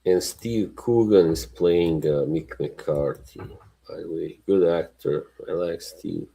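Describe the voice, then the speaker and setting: Slow, deep-voiced man chatting on a stream. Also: creaky, warm tone, husky, rough recording. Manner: rambling, laughs often between remarks. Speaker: livestream host. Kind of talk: casual chat.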